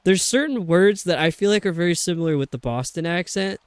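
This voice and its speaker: A man with a slightly higher-pitched voice and a faint New York metropolitan accent chats casually while he plays a video game. He rambles from one thought to the next and laughs often. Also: a little fast, smooth. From New York City metropolitan area. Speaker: streamer.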